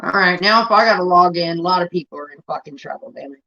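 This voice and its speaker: A woman's voice: fairly low pitch, fast talker, bright, forceful tone. A woman hosting a livestream in casual chat, blunt and profane, irritated with her moderators. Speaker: livestream host. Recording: dull lo-fi stream audio.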